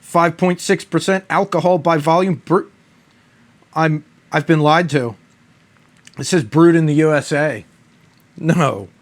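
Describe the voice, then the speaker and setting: A man's voice: fairly high pitch, measured pace, pauses often. A man reviewing a beer in a casual, rambling monologue, mock-outraged and profane.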